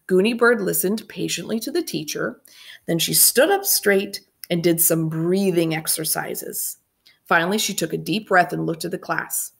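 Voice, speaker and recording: A woman reads a children's chapter book aloud with steady, clear narration. Her voice sits on the low side with a gravelly fry. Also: moderate pace. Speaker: reader.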